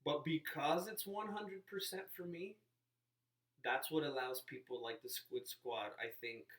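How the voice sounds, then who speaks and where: A man's voice: fairly high pitch, steady tone, unhurried, a bit bright, echoey room, recorded from a distance. A man talking to camera in a casual, rambling vlog, often breaking off mid-sentence and acting out what other people say. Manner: rambling, self-interrupting, playfully mimics others. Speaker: vlogger. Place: inside a parked car.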